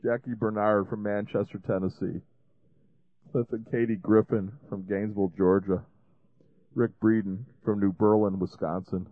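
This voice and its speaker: A man's voice: fairly low pitch, level tone, moderate pace, dry recording. A man hosting a ministry show, making a rambling fundraising appeal full of restarts and fillers. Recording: dry, phone-like lo-fi sound.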